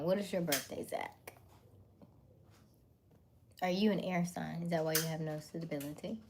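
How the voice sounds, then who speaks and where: A woman hosting a casual livestream while eating dinner, chatting, greeting viewers by name, laughing often and sometimes dropping to a soft half-whisper. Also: low voice, big pitch swings, moderate pace, vocal fry, pauses often, husky. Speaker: livestream host.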